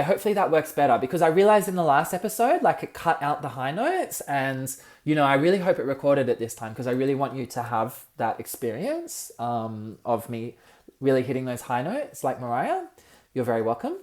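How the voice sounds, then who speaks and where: A young Australian man hosting a solo comedic podcast, campy and expressive, ranting and swearing freely. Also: mid-range voice. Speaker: podcast host.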